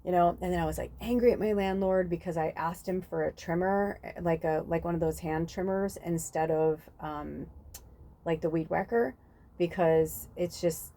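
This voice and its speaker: A woman's voice: on the low side, fairly even intonation, normal speed, dark tone. A woman hosting a spiritual podcast, talking in a casual, rambling monologue full of fillers and the odd swear word.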